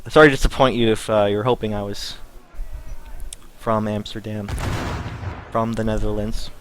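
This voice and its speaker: An American man streams a game and chats casually, answering his chat as he plays. His lowish voice stays steady at a normal pace, with game music and other noise in the background.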